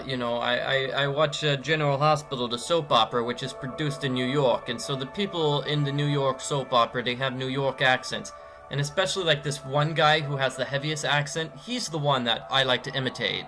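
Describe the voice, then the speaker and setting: A man's voice: medium pitch, a little fast, fairly bright tone, faint music behind. A man giving casual, rambling commentary as he plays a mystery adventure game, often stopping and restarting his sentences. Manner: rambling, self-interrupting. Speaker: let's play commentator.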